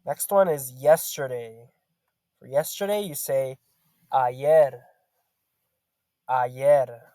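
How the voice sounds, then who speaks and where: A man tutoring Spanish vocabulary, saying each word and repeating it with pauses. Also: mid-range voice, expressive, dark tone, no echo, studio quality. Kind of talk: slow vocabulary lesson.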